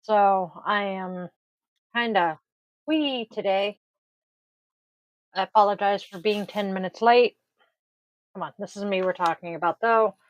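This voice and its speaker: A woman's voice: mid-range voice, measured pace, long pauses, no room sound, muffled recording. A woman talks to her viewers in an easygoing, self-deprecating way as she gets a tarot reading ready. She sounds sleepy and groggy, and she takes her time with her words. The recording is dry, with no room sound. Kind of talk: casual chat to viewers.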